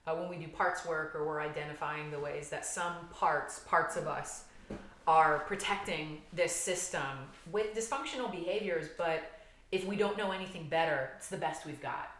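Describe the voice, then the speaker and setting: A woman therapist guiding a somatic healing exercise, calm and gentle, explaining step by step with frequent fillers. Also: low-pitched, normal speed, echoey room.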